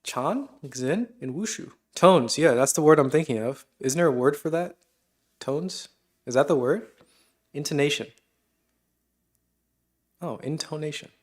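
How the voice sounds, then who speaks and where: A man on a live stream reacting casually to a video and memes, musing aloud and chuckling as he talks to himself. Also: mid-range voice.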